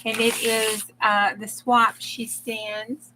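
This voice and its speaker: A woman's voice: a little high, flat delivery, slow pace, background noise. A woman hosting a casual crafting live stream, effusive and chatty, laughing often and close to tears.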